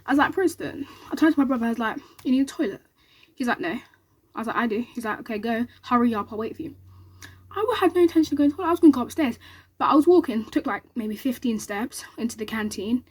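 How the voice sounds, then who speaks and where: A young woman recounts a story straight to the camera. She talks very fast and excitedly, and plays the other people's lines as she goes. Her voice is slightly high with a husky edge. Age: young adult. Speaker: vlogger.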